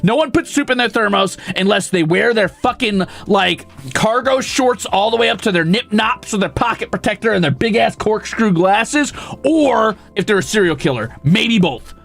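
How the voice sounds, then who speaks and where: A young man streaming casually, reading viewer comments aloud and ranting with lots of swearing, flipping between outrage and mock calm. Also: sits high, normal speed, gravelly. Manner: profane, excitable ranting that swings to mock calm.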